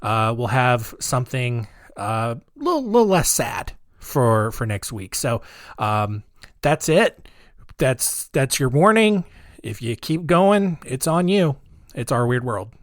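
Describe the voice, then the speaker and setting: Animated man hosting a podcast. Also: medium pitch, takes it slowly, dry recording, studio quality. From United States. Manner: chatty, rambling, sarcastic asides. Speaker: podcast host. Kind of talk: casual storytelling podcast.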